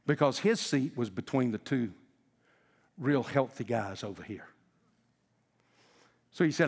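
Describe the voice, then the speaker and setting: A male pastor telling a story in a sermon, in a folksy, animated way. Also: mid-range voice, moderate pace, in a large hall.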